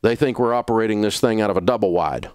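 A man's voice: on the low side, fast, a little mellow, smooth, no room sound. A man with a Southern US accent, a radio talk show host delivering a blunt, emphatic advice rant in a studio. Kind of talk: passionate on-air advice rant.

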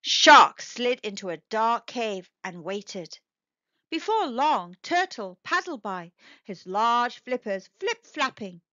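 Casting note: warm-hearted kids' story reader, a woman with a high, lively, unhurried voice, gentle and expressive. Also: no echo. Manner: gentle, sing-song and expressive. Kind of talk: slow expressive read-aloud for young kids. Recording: dull lo-fi dry recording.

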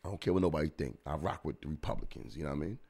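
A man's voice: rumbling low, rapid-fire, vocal fry, darkish tone, breathy edge. A man hosting a podcast, giving blunt, profane comedic commentary as he reacts to videos. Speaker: podcast host.

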